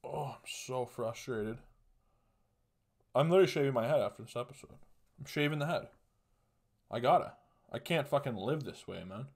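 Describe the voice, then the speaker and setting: A man's voice: mid-range voice, lively intonation, quick pace, long pauses. A young man hosting a podcast, ranting alone with crude, profane jokes and laughing at his own punchlines. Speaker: podcast host. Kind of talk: solo comedic rant.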